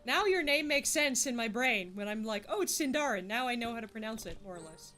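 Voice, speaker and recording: A woman's voice: fairly high pitch, lively intonation, fairly quick, few pauses, pushed and bright, soft background music. A woman streaming a horror game, chatting casually and giggling with her chat. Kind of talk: casual let's-play commentary.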